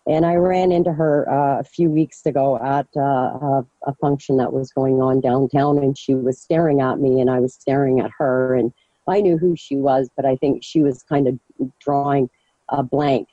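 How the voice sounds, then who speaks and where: Halting caller, dark and dry line. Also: mid-range voice, no echo, dull audio. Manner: slow, halting, measured. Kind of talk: personal story on a call-in show.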